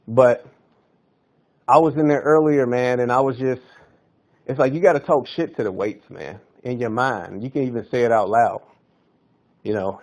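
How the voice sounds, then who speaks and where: Guy w/ doing a casual fitness podcast, slangy and pumped, mid-pitch voice. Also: darkish tone. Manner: loose, slangy, hyped-up coaching talk. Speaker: podcast host.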